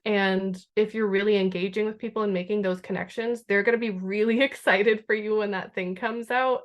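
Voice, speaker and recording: Chatty woman writer on a podcast. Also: mid-range voice. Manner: chatty, many fillers, laughs often. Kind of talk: casual podcast chat.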